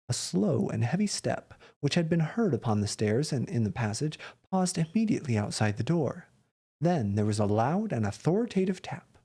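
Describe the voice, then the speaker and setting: A man reading a classic story aloud with expressive narration. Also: mid-range voice, moderate pace, husky.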